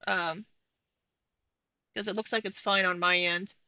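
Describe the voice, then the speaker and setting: A woman's voice: mid-range voice, steady tone, a little slow, sharp tone, dry recording, lo-fi sound. A woman giving casual commentary over livestream clips, chatting with viewers by name.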